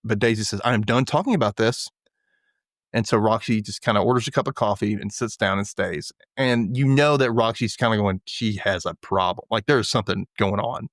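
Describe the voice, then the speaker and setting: A man's voice: fairly low pitch, a little fast, fairly bright tone, dry recording, studio quality. A man hosting a podcast, casually recapping a TV episode and acting out the characters' lines in little voices. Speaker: podcast host.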